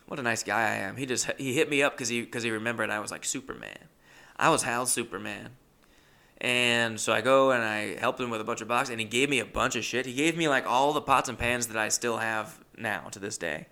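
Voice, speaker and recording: A man's voice: mid-range voice, fairly quick, vocal fry, pushed and bright. A young man, a comedian, telling a rambling, self-deprecating story. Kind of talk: comic storytelling.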